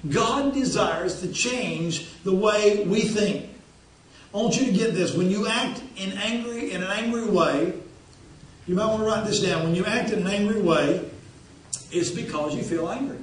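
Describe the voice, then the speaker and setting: A man's voice: sits high, moderate pace. A man preaching a sermon as pastor, folksy and repeating phrases for emphasis. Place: church sanctuary. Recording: very echoey church hall, distant.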